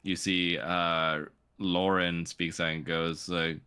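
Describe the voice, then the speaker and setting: A man narrating as game master in a tabletop game, relaxed, with filler words. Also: low-pitched, slow, clear, resonant tone.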